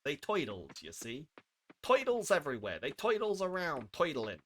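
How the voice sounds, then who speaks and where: A man's voice: on the high side, huge pitch swings, moderate pace, a bit bright, a little hiss or hum, voice pushed up. A man putting on a swaggering American mobster. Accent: put-on American gangster accent. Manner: drawling, repetitive, playful tough-guy talk. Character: cocky male mobster type, streetwise and swaggering.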